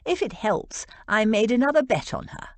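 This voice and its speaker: A woman reading a teasing young gentleman, the best man, with a flippant, bantering manner in an audiobook. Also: a little high, lively intonation, normal speed, dry recording, pitched above the performer's own voice, close to an everyday voice.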